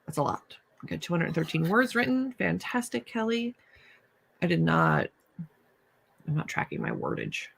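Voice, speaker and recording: A woman's voice: lowish voice, wildly swooping pitch, moderate pace, vocal fry, pauses often, a bit bright, husky. A young woman hosting a casual writing livestream, chatting and reading viewer comments aloud. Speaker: livestream host.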